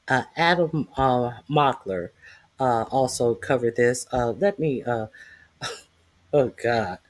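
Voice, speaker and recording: A man hosts his own commentary channel and speaks slowly at a middle pitch. He halts often and fills gaps with "uh" while he lines up the next video. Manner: halting, heavy with "uh" fillers. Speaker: channel host. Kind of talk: casual commentary introducing clips.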